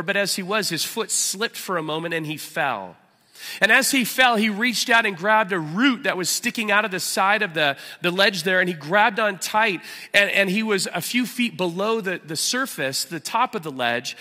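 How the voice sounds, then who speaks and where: Pastor, male, earnest and animated sermon delivery, sharp bright tone. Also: high-pitched, long reverb tail. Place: church sanctuary.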